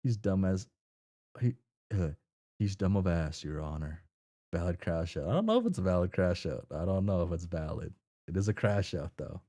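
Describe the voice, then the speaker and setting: A man streaming his first read of a webcomic, reacting in quiet, amused, swearing asides. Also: low voice, big pitch swings, normal speed.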